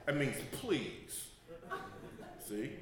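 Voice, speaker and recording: A man's voice: mid-range voice, big pitch swings, very slow, fairly bright tone. A man preaching a sermon. He jokes, laughs and asks the congregation to fill in the missing words. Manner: joking and laughing. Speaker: pastor. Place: church. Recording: very echoey room. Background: congregation responding.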